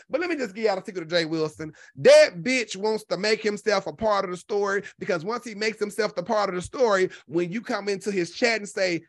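Loud, brash, profane male commentator. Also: sits high, a little fast, hardly any pauses, dry recording, clean studio sound. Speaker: commentary show host.

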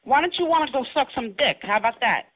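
A woman's voice: high-pitched, animated, fast, slightly rough. A woman answering a phone call, demanding answers, swearing and insulting the caller. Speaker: prank call target.

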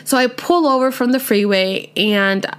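Young woman, storytime vlog, animated and chatty, fairly high voice. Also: normal speed, clean tone. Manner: animated, chatty, full of "like" and "literally". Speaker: vlogger.

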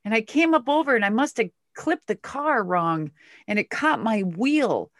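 A middle-aged woman telling a story as an interview guest, animated, swearing and making vocal sound effects. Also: fairly high pitch, normal speed, no room sound, clean studio sound. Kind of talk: casual storytelling.

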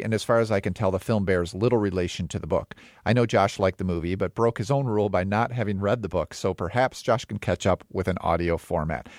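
Relaxed male film podcast co-host. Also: lowish voice, no room sound, clean studio sound. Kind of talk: casual film talk and ad reads.

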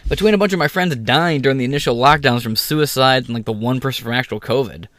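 A man's voice: medium pitch, fast talker, a bit bright, no room sound. A man from the United States ranting in a vlog monologue, swearing constantly and mocking other people by mimicking them. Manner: profane, heated, swears constantly. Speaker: vlogger.

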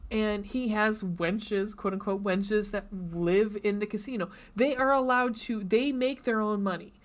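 A woman's voice: medium pitch, fairly even intonation, unhurried. Chatty swearing woman gushing over books. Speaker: podcast co-host. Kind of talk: casual chat about books.

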